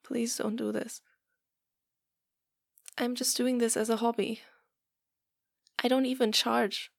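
A woman's voice: fairly high pitch, little pitch movement, slow, vocal fry, dry recording, clean studio sound. A woman in a whispered role-play, talking in a pleading, hesitant way that often drops to a whisper. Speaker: audio role-play performer.

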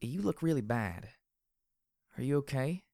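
A man's voice: medium pitch, animated, a little slow, gravelly, no echo, clean studio sound, voice pushed up. A man voicing a timid young pegasus mare. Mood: fragile, quiet. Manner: soft, quiet, hesitant. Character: young female pegasus pony, timid and fragile. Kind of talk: audiobook character voice.

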